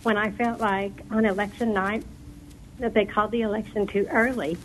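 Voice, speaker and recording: A woman's voice: mid-range voice, little pitch movement, slight background noise, poor audio. Hesitant woman caller losing her voice. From Texas. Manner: hesitant, halting, many fillers.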